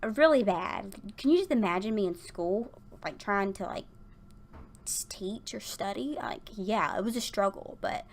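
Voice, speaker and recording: At her work desk, a young woman who builds in The Sims and posts on YouTube chats casually over her build in voiceover. Her medium-pitched voice is animated and unhurried, and she rambles with plenty of fillers and giggles, sounding slightly out of breath.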